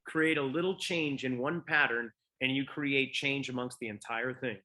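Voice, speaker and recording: A man's voice: medium pitch, fairly even intonation, normal speed, sharp tone. A man hosting an interview, easygoing and playful, often trailing off in mid-sentence. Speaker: podcast host. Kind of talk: casual interview chat.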